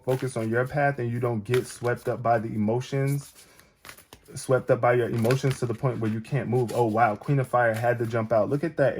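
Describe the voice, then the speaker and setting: A man's voice: medium pitch, a little mellow, slight background noise. A man giving a casual tarot reading to camera. He talks straight to the viewer and often says "it's like". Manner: casual, repeats "it's like", addresses the viewer directly. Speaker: tarot reader.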